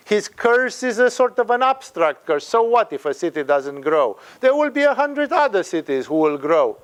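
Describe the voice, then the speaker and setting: Man, spiritual teacher, high voice, emphatic, acts out quotes. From Romania. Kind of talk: spiritual talk.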